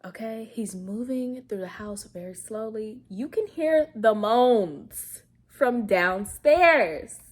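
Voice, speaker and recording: A woman's voice: on the high side, takes it slowly. Laughing woman recapping a movie. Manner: animated storytelling, laughs often, slangy. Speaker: film review vlogger. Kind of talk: casual film recap.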